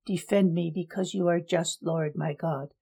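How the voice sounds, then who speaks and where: A woman's voice: lowish voice, fairly even intonation, unhurried, gravelly, warm tone, husky, exaggerated voice. A woman voicing a frightened male captive who pleads in a shaking voice in a storybook reading. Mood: pleading. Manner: shaky, desperate pleading.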